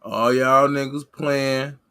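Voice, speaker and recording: A man's voice: medium pitch, fairly even intonation, takes it slowly, a bit bright, smooth. A man hosting a livestream and talking to his chat in a rambling, repetitive, fired-up way. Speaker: livestream host reading chat. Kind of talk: casual livestream rant.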